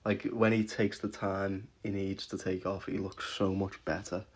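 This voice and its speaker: A man giving a casual, swear-heavy reaction rant about fights, with frequent laughs and quick restarts. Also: deep voice, little pitch movement. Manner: swears constantly, laughs often, rants with restarts. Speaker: MMA reaction vlogger.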